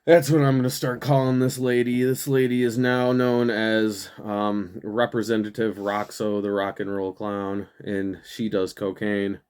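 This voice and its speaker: A man's voice: lowish voice, level tone, a little slow, few pauses, darkish tone, clean tone. A young man hosting a show, ranting profanely through political commentary with frequent laughs and mockery. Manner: profane, laughs often, mocking. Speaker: show host.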